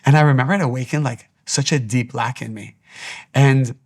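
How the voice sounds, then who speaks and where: A man with a gravelly, creaky edge to his voice delivers a spiritual teaching monologue. He speaks with earnest conviction, returning again and again to the same exhortations, at a middling pitch. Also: normal speed.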